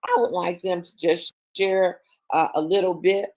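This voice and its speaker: A woman's voice: fairly low pitch, fairly even intonation, measured pace, darkish tone. A woman hosting an online team meeting, upbeat and encouraging, calling on members by name over a video call.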